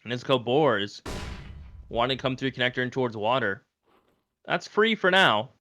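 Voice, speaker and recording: A man in a middle-pitched voice casts an esports match, breaking down the play and pushing to shouted calls at the big moments. Game gunfire and clicks can be heard clearly behind him. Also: normal speed, highs cut off, a little hiss or hum. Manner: animated, climbing to shouted calls in clutch moments. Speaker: esports commentator. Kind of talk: esports color and play-by-play commentary.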